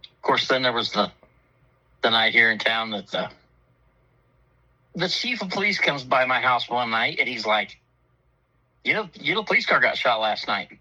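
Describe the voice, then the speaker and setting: A man's voice: medium pitch, big pitch swings, normal speed, long pauses, pushed and bright, rough recording. A man telling a profane, funny story in casual chat, laughing often and acting out the voices of people in it. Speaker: storyteller on a talk show.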